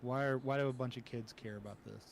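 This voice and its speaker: A man voicing a calm adult male government agent who speaks in a measured, quietly menacing way, as a tabletop game master. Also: mid-range voice, creaky, natural voice. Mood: calm, cold.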